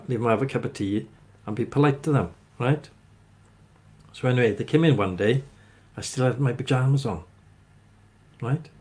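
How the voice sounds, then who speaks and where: Ranting to his live chat, a man hosting a stream spins a meandering anecdote and keeps adding "right?" as he goes. His voice sits at a medium pitch with a darkish tone.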